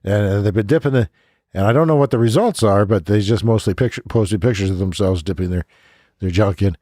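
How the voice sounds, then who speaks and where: A man hosting a comedy podcast, rambling in a self-mocking, excitable way and laughing often. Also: fairly low pitch, fairly quick, dry recording, studio quality.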